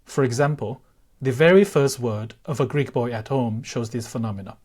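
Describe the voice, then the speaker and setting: A man giving an explanatory language lesson in a measured, careful way, pausing to demonstrate the pronunciation of words. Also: medium pitch, darkish tone, breathy edge. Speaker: language teacher.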